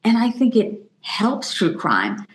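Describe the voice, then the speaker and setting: A woman's voice: fairly high pitch, slow, echoey room. A middle-aged woman, a journalist guest on a podcast, telling stories animatedly and acting out what others said. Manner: animated storytelling, acts out quoted voices. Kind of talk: conversational podcast interview.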